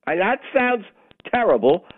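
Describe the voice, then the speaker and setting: A man's voice: high-pitched, very animated, a little slow, dry recording. An older man calling in to a talk radio show, blunt, agitated and argumentative. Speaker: caller. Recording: tinny phone line.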